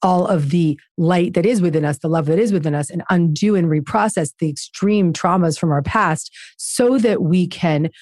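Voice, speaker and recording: A woman's voice: fairly low pitch, moderate pace, few pauses, darkish tone, no echo, clean studio sound. A woman guest author talking in an interview, emphatic and preachy in her delivery. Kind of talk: conversational interview.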